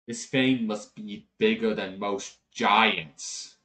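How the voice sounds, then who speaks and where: A man narrating a tabletop game as game master, in a relaxed, chatty way. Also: fairly low pitch, slow pace, poor audio.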